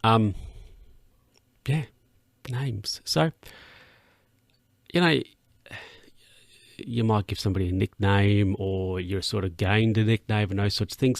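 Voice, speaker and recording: A man's voice: slow pace, gravelly, pauses often, no echo, clean studio sound. A young man hosting a casual solo podcast, rambling and self-interrupting as he riffs, yawning now and then. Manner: rambling, self-interrupting, chuckling, voices his own thoughts in a high put-on tone. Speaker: podcast host.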